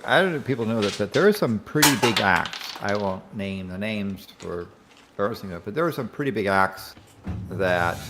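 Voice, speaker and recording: A man chatting on a stream, halting and filling pauses with "uh" and restarts. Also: deep voice, background noise. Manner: halting, many fillers and restarts. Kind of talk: casual chat.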